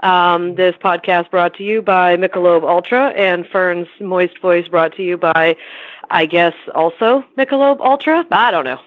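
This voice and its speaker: A woman's voice: fairly low pitch, unhurried, no room sound. A woman co-hosting a podcast in casual chat, irreverent and joking, on a dull, lo-fi recording. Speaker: podcast co-host. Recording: dull lo-fi dry sound.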